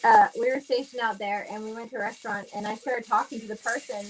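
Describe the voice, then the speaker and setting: Southern woman with a higher voice. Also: fairly even intonation, quick pace, a little hiss or hum, rough recording. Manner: chatty, explains step by step. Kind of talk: casual chat while canning.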